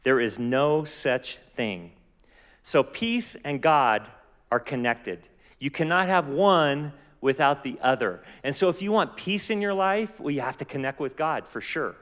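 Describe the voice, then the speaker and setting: A man's voice: fairly high pitch, lively intonation, normal speed, fairly bright tone. A man preaching a sermon as pastor, earnest and often asking his listeners questions. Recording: long hall reverb.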